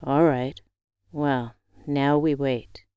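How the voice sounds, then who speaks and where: A man's voice: medium pitch, steady tone, extremely slow, clear, resonant tone, dry recording, dull audio. A woman reading the part of a male friend who teases and encourages over the phone. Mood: teasing. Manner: warm teasing, encouraging.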